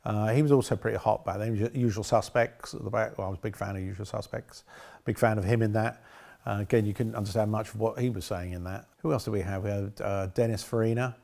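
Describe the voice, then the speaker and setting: Rambling middle-aged man, low voice. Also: fairly even intonation, quick pace, vocal fry, darkish tone. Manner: rambling, self-correcting. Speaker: film director. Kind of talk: reminiscing interview.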